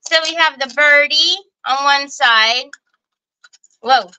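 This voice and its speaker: A woman chats her way through a craft livestream, folksy and full of little exclamations aimed at her viewers. Her voice sits a touch high and has a bright, forward ring. She takes her time and never rushes a sentence. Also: poor audio. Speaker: craft show host. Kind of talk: casual livestream craft chat.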